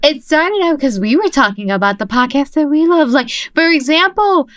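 A young woman co-hosting a casual podcast, teasing and excitable, swearing and shrieking when surprised. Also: high-pitched, moderate pace, dry recording, studio quality. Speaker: podcast co-host. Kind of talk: casual chat.

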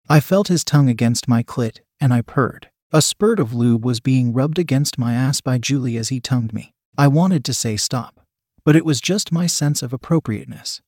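A man narrating fiction in a steady, even reading voice. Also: medium pitch, dry recording, clean studio sound. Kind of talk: audiobook reading of erotic fiction.

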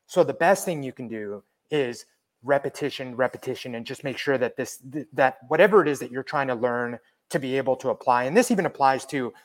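A man's voice: medium pitch, fairly quick. A man co-hosting a podcast, explaining his points earnestly and repeating them, with a frequent "like". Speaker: podcast co-host. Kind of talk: casual podcast chat.

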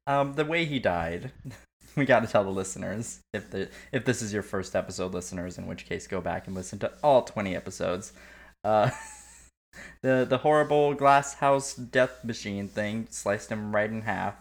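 A man's voice: on the low side, moderate pace, vocal fry. A man co-hosting a podcast in casual, giggly, joking chat. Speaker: podcast co-host.

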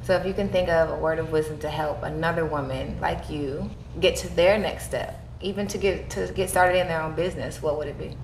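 A woman's voice: low-pitched, fairly even intonation, fairly quick, few pauses. A woman hosting a podcast interview, encouraging her guest with short murmurs of agreement. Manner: encouraging, frequent back-channel murmurs. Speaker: podcast host. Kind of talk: casual interview. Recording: roomy with faint background noise.

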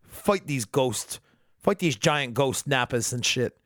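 A man voicing a forest of trees that menaces its victim in rough street slang. The voice slows down and drags near the end. The sound is close and dry. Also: medium pitch, animated, fairly bright tone, no room sound. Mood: taunting. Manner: taunting, profane.

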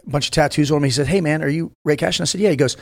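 A man in his fifties talks in a blunt, profane way, swinging into emphatic bursts as he tells stories. His voice sits a little high for a man, and he keeps it conversational, as a guest on a podcast. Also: rapid-fire, vocal fry, darkish tone. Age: 50s. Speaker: podcast guest, former Navy SEAL. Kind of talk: casual podcast chat.

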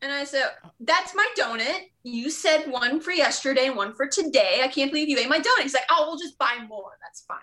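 A woman guest on a podcast tells a childhood story in a plain, matter-of-fact way. Her voice is bright and fairly high. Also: expressive, fairly quick, hardly any pauses. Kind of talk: casual storytelling chat.

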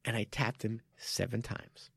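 A man's voice: lowish voice, a little slow, gravelly, slightly rough, no room sound, clean studio sound. A man, a martial arts coach and podcast co-host, telling a story in casual chat with frequent laughs and restarts. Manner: animated, laughs often, lots of restarts.

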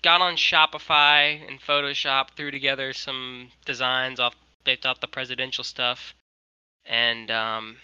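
Bright-voiced young man telling a story. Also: mid-range voice, a little slow, clear, resonant tone, dry recording, poor audio. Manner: rambling, animated, quotes people. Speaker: guest, merch designer. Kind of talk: casual storytelling.

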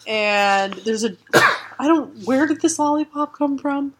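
A woman's voice: sits high, expressive, slow, fairly bright tone. Laughing, sarcastic woman podcast co-host. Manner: sarcastic, profane, laughing often. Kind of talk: casual comic chat.

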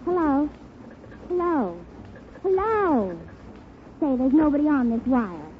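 A woman's voice: sits high, very animated, slow. A woman trading sassy wisecracks with the host on a 1930s radio comedy show. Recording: tinny, hissy 1930s radio broadcast.

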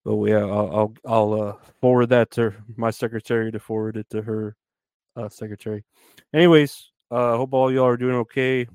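A man's voice: medium pitch, fairly even intonation, moderate pace, darkish tone, clear, resonant tone, no echo, studio quality. A man hosting his own podcast in loose casual chat, rambling with lots of fillers and joking at himself. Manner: rambling, filler-heavy, self-mocking. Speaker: podcast host.

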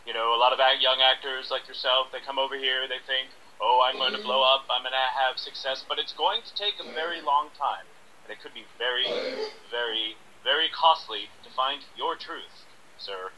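A man's voice: mid-range voice, pushed and bright, poor audio. A man playing a pompous, scamming acting coach in an improvised radio sketch, smug and lecturing. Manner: smug, lecturing, drawn-out emphasis.

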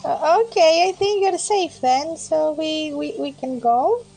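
A woman playing a tabletop game, speaking hesitantly and softly. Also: high-pitched, a little slow, faint music behind, poor audio. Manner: hesitant, soft-spoken. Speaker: player.

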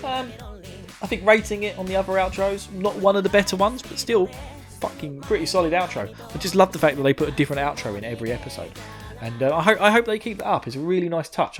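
A man hosting a podcast, casually recapping an anime episode, rambling, laughing often and swearing freely. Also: high voice. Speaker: podcast host.

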